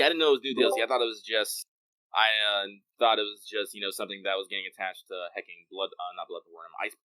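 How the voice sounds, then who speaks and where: A man's voice: medium pitch, sharp tone, dry recording. A man co-hosting a podcast, chatting casually and rambling about games with lots of fillers and swearing, on a desk microphone. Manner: rambling, profane, many fillers. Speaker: podcast co-host. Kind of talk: casual gaming chat.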